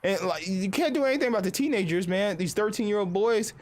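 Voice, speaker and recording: A man's voice: high voice, fast. A young adult man streamer in a casual live-stream rant, profane and rambling, often slipping into quoted voices.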